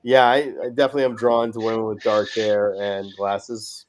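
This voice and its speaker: A man's voice: on the low side, little pitch movement, normal speed. A man hosting a casual podcast chat, blunt and profane, rambling from point to point. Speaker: podcast host.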